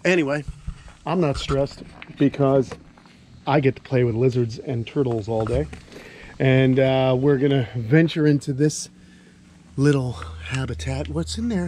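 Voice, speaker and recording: A man's voice: mid-range voice, unhurried, darkish tone, a little hiss or hum. A man hosting a casual vlog outdoors among animal enclosures, easygoing and chatty, talking to his reptiles as he goes. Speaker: reptile keeper and channel host.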